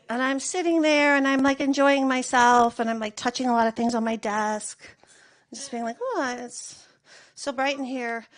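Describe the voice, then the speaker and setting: A woman in her thirties telling a rambling, profane personal story in a casual, animated way. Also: high-pitched, normal speed, rough recording.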